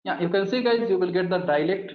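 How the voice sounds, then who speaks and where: A man's voice: sits high, a little fast, reverberant, phone-quality sound. A man teaching a live coding lesson, talking through each step as he types and often calling the class "guys". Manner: talks through steps while typing, often addresses the class as "guys". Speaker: programming instructor.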